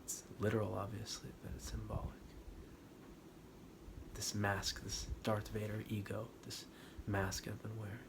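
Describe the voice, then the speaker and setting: A man giving a spiritual talk, retelling a story in an animated, dramatic way that swings from loud to hushed. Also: on the low side, unhurried, creaky. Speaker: spiritual teacher. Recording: steady background noise.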